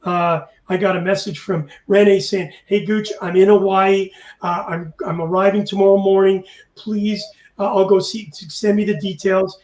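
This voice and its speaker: Emotional high-voiced host in an echoey room. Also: male voice, flat delivery, moderate pace, darkish tone. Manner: emotional, heartfelt storytelling. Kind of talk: casual chat.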